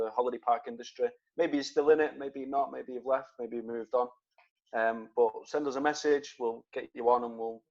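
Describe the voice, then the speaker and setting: A man with a northern English accent, co-hosting a podcast in a relaxed, friendly way and speaking directly to listeners. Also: medium pitch. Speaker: podcast co-host. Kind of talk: casual chat. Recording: dull lo-fi audio.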